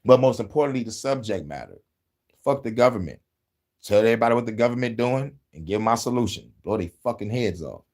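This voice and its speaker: A man's voice: medium pitch, lively intonation, fast, a little mellow. A man hosting casual podcast talk, boastful and profane, breaking into laughter often. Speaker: host.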